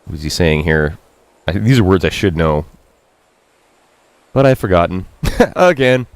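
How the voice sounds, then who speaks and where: Guy streaming a game, fairly low voice, dry close sound, reads lines in high voices then mumbles asides. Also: animated, measured pace, dry recording. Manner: reads Japanese lines then translates them loosely; pitches up to quote characters, drops low for asides. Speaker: streamer translating a Japanese game. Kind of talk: casual live-stream commentary.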